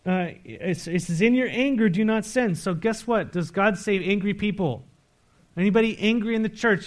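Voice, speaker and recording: Man preaching with pointed questions. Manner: swings between emphatic, louder lines and low, quiet asides. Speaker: pastor. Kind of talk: sermon.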